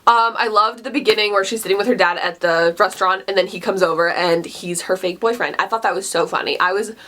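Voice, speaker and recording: Talking fast in a sharp, mid-range voice, a woman reviews books in a casual vlog. She is gushing and enthusiastic, says "like" again and again, and frequently laughs mid-sentence.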